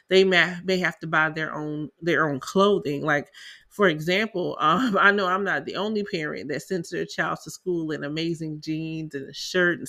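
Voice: mid-range voice, sharp tone. A host from South Carolina with a Southern accent, chatting casually and laughing often while explaining business money matters to listeners. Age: adult parent. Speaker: podcast host. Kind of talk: casual teaching talk on small business finances.

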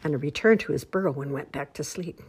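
A woman reading a children's storybook aloud, slow and expressive. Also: sits low, husky. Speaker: storybook reader.

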